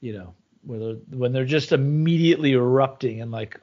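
A man's voice: medium pitch, moderate pace, a little mellow. A man in his thirties, a father co-hosting a podcast, talking casually with lots of stops, restarts and fillers. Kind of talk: casual chat. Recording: slightly muffled recording.

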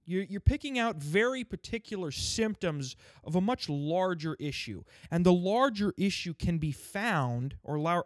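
In a stand-up style monologue, a man rants angrily and sarcastically, swearing throughout, about the state he lives in. His voice is high, and the recording is dry and of studio quality.

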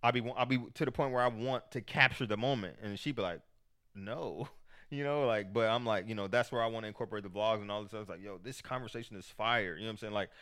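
A man's voice: lowish voice, racing, a bit bright, smooth. A man in casual chat, speaking candidly and with profanity.

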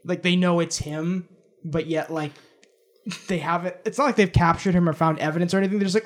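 A man's voice: high voice, fairly even intonation, fairly quick. A man co-hosting a casual movie podcast, rambling through his points with lots of "like" and restarts. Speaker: podcast co-host. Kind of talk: casual movie review chat.

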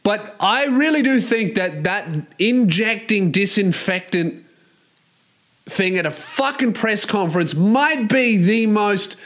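A man's voice: high voice, a bit bright. A man hosting a solo podcast, ranting in a profane, mocking and rambling way. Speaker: podcast host.

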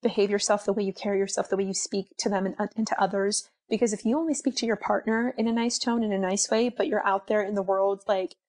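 A mother chatting casually about parenting, animated, laughing often and acting out little quotes. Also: medium pitch, quick pace, hardly any pauses.

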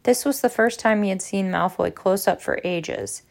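A woman reading a novel aloud in a steady narrating voice with small slips. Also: medium pitch, moderate pace, vocal fry. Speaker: audiobook reader. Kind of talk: book narration.

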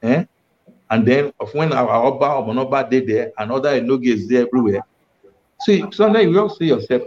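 A man's voice: medium pitch, a little fast. A man from Edo State, Nigeria, with a Nigerian accent, a guest recounting his time as a state information official and acting out quoted speech. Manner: animated storyteller, acts out quoted speech. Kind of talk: storytelling in Nigerian Pidgin. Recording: muffled, dull audio.

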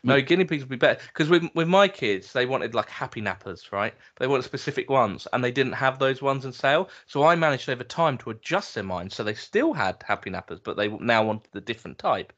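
A man's voice: medium pitch, animated, fairly quick, few pauses, fairly bright tone, lo-fi sound. A man co-hosting a podcast, chatting casually with a dry, teasing wit. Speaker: podcast co-host. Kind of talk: casual chat.

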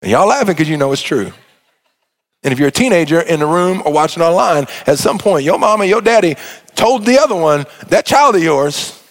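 Preacher guy, pretty high voice, chatty and jokey in church, talking to the congregation. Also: fairly quick. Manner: animated, joking, conversational preaching. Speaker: pastor. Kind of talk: sermon.

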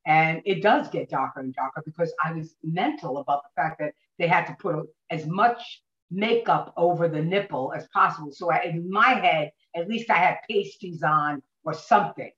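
A woman actress, a podcast guest, telling stories in an animated way and acting out what people said. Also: low-pitched, moderate pace, few pauses. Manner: animated, acts out quoted voices. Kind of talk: anecdotal podcast storytelling. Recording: dull, roomy recording.

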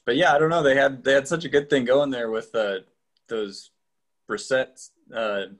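A man co-hosting a casual sports podcast, measured and hedging, with many fillers. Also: mid-range voice, steady tone. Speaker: podcast co-host.

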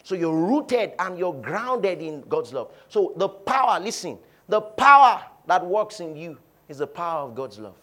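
A man preaching a sermon, shouting one moment and dropping low the next, leading his congregation to repeat phrases. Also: very animated, unhurried, hardly any pauses. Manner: preaching with swings from shouting to quiet, leading call-and-response. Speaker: pastor.

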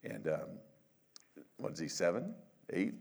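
A man's voice: deep voice, big pitch swings, measured pace, a little mellow. An older man, a pastor of many years, giving a conversational sermon, telling stories with self-deprecating humor and acting out quotes.

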